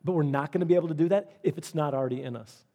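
A pastor in his middle years delivers a sermon in a fairly high voice for a man. He talks to the congregation in an earnest, conversational way and circles back on his phrases for emphasis. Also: rapid-fire, warm tone.

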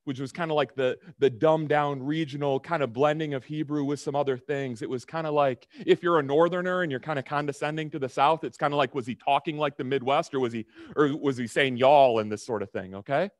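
A man's voice: fairly high pitch, brisk, hardly any pauses, no echo, clean studio sound. A man preaching a sermon in a conversational way, repeating words and checking in with his listeners. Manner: conversational, repeats words, asks the room "okay?". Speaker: pastor.

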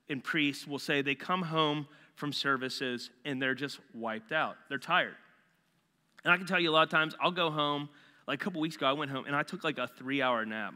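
A man preaching a sermon as a pastor in a casual, animated way, full of slangy asides. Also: fairly high pitch. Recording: long reverb in a large hall.

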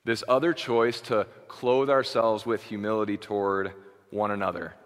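Guy pastor preaching, low voice, chatty sermon with lots of okays, long hall echo. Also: steady tone, normal speed. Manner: conversational preaching with many "okay"s and restarts.

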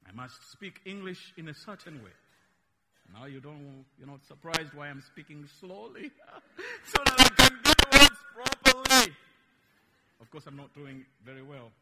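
A man from Uganda with a Ugandan accent and Luganda as his first language, preaching a slow, emphatic, playful sermon in a church. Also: high-pitched, big pitch swings, long reverb tail, heavy background noise. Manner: slow, emphatic, dynamic in loudness, playful teasing.

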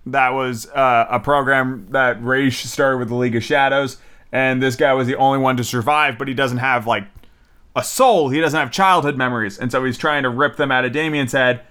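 Bright-voiced man rambling through a review. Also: medium pitch, moderate pace, clear, resonant tone. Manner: rambling and excitable, full of fillers and swearing. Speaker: movie reviewer. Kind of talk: casual spoken review.

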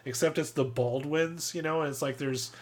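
A man in casual podcast chat about films, riffing with profanity and animated tangents. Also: on the high side, moderate pace.

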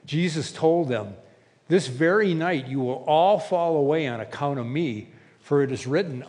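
A man's voice: a little high, big-room sound. A man preaching a Sunday sermon in a conversational way, acting out quoted lines and restarting his sentences. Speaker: pastor.

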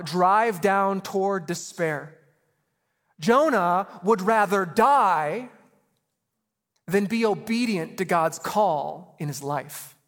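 A man preaching a sermon, retelling a story in a casual, animated way with slang. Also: fairly high pitch, in a large hall. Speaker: pastor.

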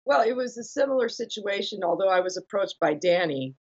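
A woman's voice: medium pitch, expressive, fairly quick, husky, dull audio. A woman musician chatting casually in an interview, rambling with plenty of fillers and restarts. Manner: chatty and rambling, with many fillers and self-corrections. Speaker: guitarist and stage musician.

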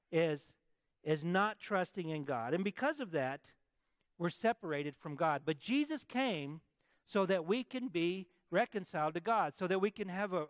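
A man's voice: sits high, no echo. A man preaching a sermon, talking easily with the congregation and asking it to repeat lines back to him. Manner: conversational preaching, asks the congregation to answer back. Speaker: pastor.

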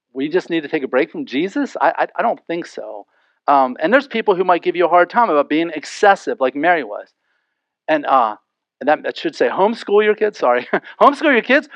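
A middle-aged male pastor preaching a sermon in a church, animated, asking rhetorical questions and acting out quoted voices. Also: high-pitched, no room sound, highs cut off.

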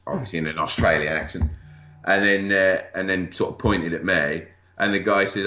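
A man's voice: deep voice, bright, forceful tone. A man, chatting as an interview guest, hesitant and full of restarts. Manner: halting, many restarts and fillers. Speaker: guest collector. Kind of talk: casual interview chat. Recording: lo-fi echoey room.

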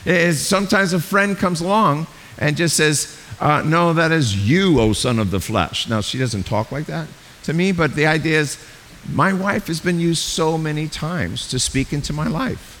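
A man delivers a sermon in a church sanctuary, his voice a touch higher than most men's. He is animated and slips into the voices of the people he quotes. A long hall reverb trails each phrase over a faint hiss. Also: moderate pace. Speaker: pastor.

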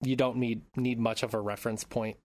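A man's voice: medium pitch, little pitch movement, fairly quick, darkish tone. A man hosting a casual movie podcast, reading plot summaries and cracking crude jokes. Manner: crude joking, reads plot summaries aloud. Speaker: podcast host. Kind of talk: casual movie recap chat.

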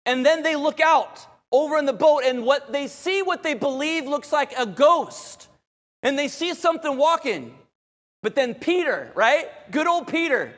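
High-voiced man preaching in a reverberant hall. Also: moderate pace. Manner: animated storytelling, repeats phrases, addresses the crowd directly. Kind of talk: sermon.

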